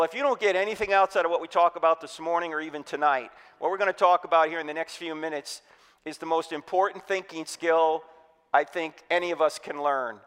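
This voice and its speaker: Joking, high-voiced preacher man in a hall. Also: smooth. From New Jersey. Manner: energetic, joking, quizzes the audience. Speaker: Christian speaker. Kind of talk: humorous apologetics sermon. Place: church hall. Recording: reverberant hall.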